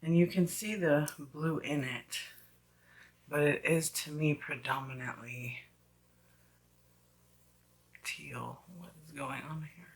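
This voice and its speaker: A woman with a slight Southern US accent talking through a wig review at home, chatty and often dropping into soft whispered asides. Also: low-pitched, steady tone, slow pace, pauses often. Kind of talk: casual product review vlog.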